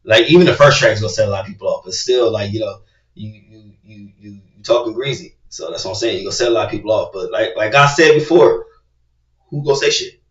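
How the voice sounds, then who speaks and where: A man hosting a casual reaction video, talking loosely and cursing, repeating "bro, come on" as he gets excited. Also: lowish voice, fast, recorded from a distance. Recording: roomy, dull sound from away from the mic.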